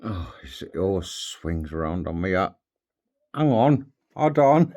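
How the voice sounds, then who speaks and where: Slow-talking man cooing at pets. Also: low-pitched, very animated, mellow. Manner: doting baby talk, kissing noises. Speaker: pet owner filming his dog and parrot. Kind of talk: casual chat with pets.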